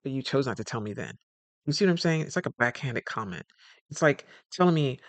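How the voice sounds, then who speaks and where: A man's voice: mid-range voice, brisk, dry recording. A man coaching on communication in a casual, rambling talk, often acting out the people he describes and correcting himself mid-word. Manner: animated, acts out quoted dialogue.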